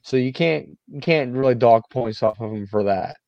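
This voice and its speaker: A man's voice: mid-range voice, moderate pace, vocal fry, no echo, highs cut off. A man co-hosting a casual wrestling podcast, explaining things in a dry, matter-of-fact way. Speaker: podcast co-host.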